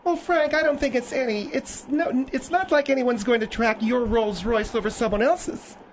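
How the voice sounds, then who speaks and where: Radio co-host lady, calm and soothing. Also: on the high side, moderate pace, slight background noise. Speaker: talk show co-host. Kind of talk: call-in radio chat.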